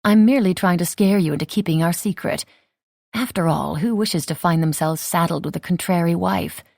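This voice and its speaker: A contrary, spirited young lady of a romance audiobook, voiced by a woman narrator. She teases wryly in a low, gravelly tone. The sound is close and dry. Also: brisk, a little mellow, dry recording. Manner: wry, teasing. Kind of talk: audiobook character reading.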